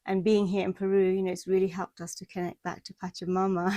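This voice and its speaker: A woman's voice: medium pitch, little pitch movement, fast talker, hardly any pauses, mellow, no room sound. A woman giving a spiritual monthly energy forecast, speaking in flowing, repeated lists, recorded outdoors in the mountains. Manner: flowing, repetitive lists of affirmations.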